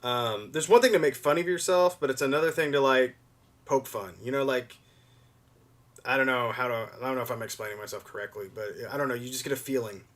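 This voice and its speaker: A young man hosting a livestream, chatting loosely to viewers with many fillers and restarts, often gushing with excitement. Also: medium pitch, fairly quick. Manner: rambling, lots of fillers and restarts, gushes with excitement. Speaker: livestream host. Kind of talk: casual stream chat to viewers.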